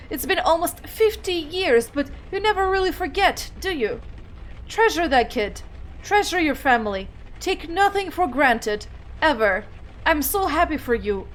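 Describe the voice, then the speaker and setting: A woman's voice: sits high, sing-song, normal speed, a little hiss or hum. A woman voicing an older mother writing tenderly to her grown son.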